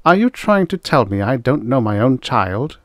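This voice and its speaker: A man's voice: medium pitch, very animated, moderate pace, fairly bright tone, no room sound, studio quality, pitched above the performer's own voice. A man voicing an indignant, defensive middle-aged housewife who snaps back sharply. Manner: indignant, snappish.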